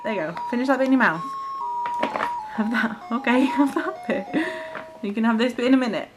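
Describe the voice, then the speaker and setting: A woman's voice: a little high, lively intonation, fairly quick, over music, low-quality recording. A young woman from Cheshire chatting to camera at home, coaxing her baby to chew between asides to viewers. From Cheshire, England. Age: young adult. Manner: chatty, coaxing baby talk while feeding her son. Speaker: family vlogger and mother. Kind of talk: casual vlog chat.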